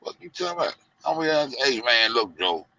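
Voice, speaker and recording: Man, gravelly, mocking, profane rant, muffled lo-fi audio. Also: mid-range voice, very animated, a little fast. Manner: loud, profane, heavy slang, mocking. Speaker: show host. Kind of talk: profane rant to an online audience.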